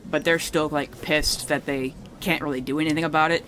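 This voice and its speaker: A man's voice: fairly high pitch, fairly even intonation, fairly quick, bright, forceful tone, slight background noise. Casual, rambling game master, a man. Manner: casual and rambling, swears freely. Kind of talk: narrating a tabletop game.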